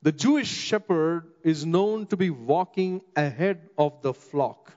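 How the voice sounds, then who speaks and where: A middle-aged man with an Indian English accent, preaching a sermon as a pastor and slowing down for emphasis. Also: fairly high pitch. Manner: expressive, slows down for emphasis, acts out quoted voices. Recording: long hall reverb, dull muffled sound.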